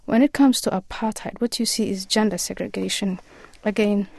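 Earnest woman speaking in a flat, even tone. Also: medium pitch, creaky, dry recording. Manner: earnest, measured, with frequent pauses and fillers. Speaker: author and guest. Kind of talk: radio interview answers.

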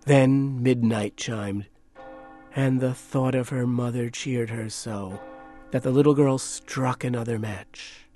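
A man narrating a storybook in a measured, hushed, gentle way. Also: mid-range voice, steady tone, faint music behind.

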